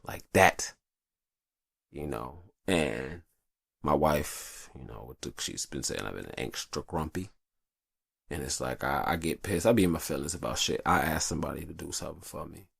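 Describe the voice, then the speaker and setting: Deep gravelly man, animated monologue. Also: moderate pace, no echo, studio quality. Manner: profane, rambling and confessional. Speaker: podcast host. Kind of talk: casual monologue. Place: hot upstairs room.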